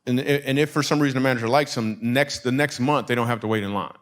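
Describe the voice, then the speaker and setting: Man, stand-up comedian, storyteller, acts out quotes, middle pitch, from Michigan. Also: quick pace. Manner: storytelling with acted-out quotes and audience laughs.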